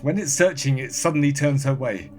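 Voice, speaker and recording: A man appearing as a podcast guest in casual chat, reading listener comments aloud in a brisk, dry, offhand way. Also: medium pitch, darkish tone, soft background music.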